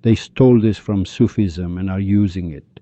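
Guy preaching about love, really dark mellow voice, dry dull lo-fi sound, keeps asking questions and playing all the parts. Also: sits low, moderate pace, no echo. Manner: animated, acts out quoted voices, rhetorical questions. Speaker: Sufi speaker. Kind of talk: spiritual lecture. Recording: dull lo-fi recording.

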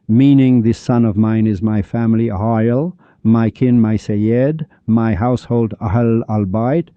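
A man's voice: fairly low pitch, fairly even intonation, unhurried, few pauses, smooth, dry recording. A man teaching a lecture on poetry and scripture, emphatic and dramatic, speaking straight to his listeners. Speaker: religious teacher. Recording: dull lo-fi dry recording.

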